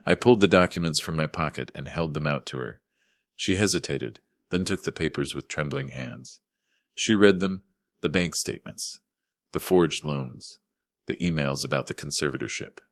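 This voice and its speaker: An older man narrating a scripted first-person story in a measured, grave manner. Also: very deep voice, dry recording, clean studio sound.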